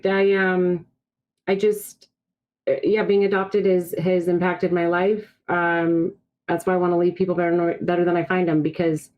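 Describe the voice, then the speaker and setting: Podcast guest: woman from Brazil, native Portuguese speaker, lowish voice, candid and reflective, on a video call. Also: dull audio. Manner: candid, reflective personal storytelling. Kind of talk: casual podcast conversation.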